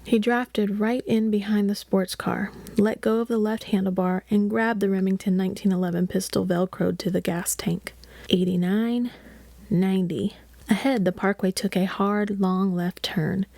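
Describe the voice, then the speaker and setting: A woman reading a thriller audiobook aloud in a steady, even storytelling voice. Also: medium pitch, normal speed, creaky, no room sound. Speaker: audiobook reader. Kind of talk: audiobook narration.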